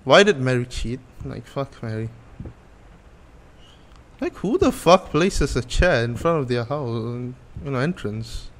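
A man's voice: mid-range voice, animated, unhurried. A man giving casual let's-play commentary on a horror game, nervous, jokey and profane, rambling as he goes. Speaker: gameplay channel host.

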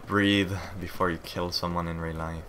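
A man's voice: low-pitched, level tone, moderate pace. A man doing live gameplay commentary, frustrated and swearing as he plays. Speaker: gamer. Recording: game noise clearly behind.

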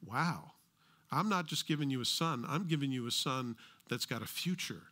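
A man's voice: medium pitch, animated, normal speed, pushed and bright. A middle-aged American man preaching a sermon as pastor, conversational with joking asides.

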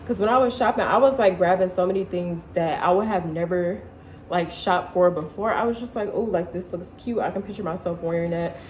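A young woman chatting casually in her living room, excitable and slangy, as a vlogger showing clothes. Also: on the low side, a little fast, a little hiss or hum, low-quality recording. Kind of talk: casual haul video chat.

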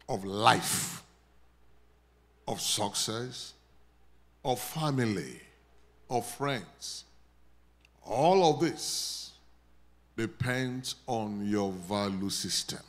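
A man with a Nigerian accent preaching a sermon, leading his congregation in call and response and rising to loud prayer declarations. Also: on the low side, expressive, drawn-out words, pauses often. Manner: builds to loud declarations when praying over the congregation. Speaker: pastor.

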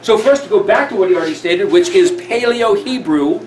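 High-voiced man teaching scripture. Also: animated, brisk, darkish tone. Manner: reads verses aloud then explains them conversationally. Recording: roomy with faint background noise.

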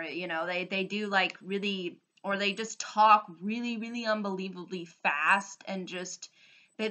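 A woman's voice: medium pitch, pushed and bright. A woman vlogger giving her opinion in a casual, earnest ramble, often restarting her sentences.

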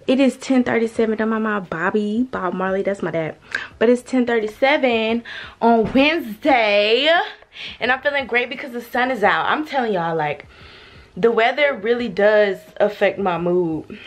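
A young woman chats straight to her viewers in a casual vlog, her voice on the high side at a moderate pace. She's bubbly and slangy, filming on a handheld phone.

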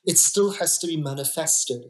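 A male geneticist guest on a podcast, explaining with emphatic, deliberate stresses and repeated words. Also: on the high side. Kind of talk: podcast interview.

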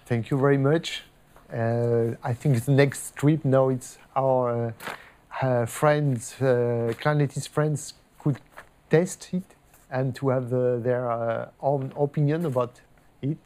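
A man hosting a product launch livestream, speaking haltingly with many fillers. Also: mid-range voice, fairly even intonation, dark tone.

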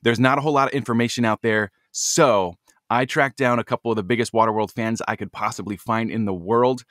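A man's voice: lowish voice, fairly bright tone, no room sound. A stuffed-up man hosts a laid-back podcast on a close mic in a dry, dead room. He chats loosely, laughs often and trips over words while searching for the right one. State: stuffed up, congested. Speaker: podcast host. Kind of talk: casual podcast chat.

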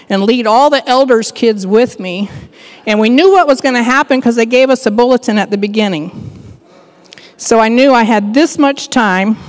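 An older woman delivers a sermon, her voice pitched a little high and trailing a long reverb through the church. She tells stories with humor and playful asides. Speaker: guest speaker. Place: church sanctuary.

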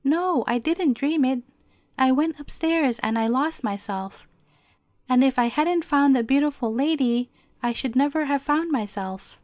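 A woman's voice: high voice, unhurried, a little mellow, dry recording, clean studio sound. A woman reading aloud and voicing an earnest, easily hurt young princess girl in a pleading, indignant way.

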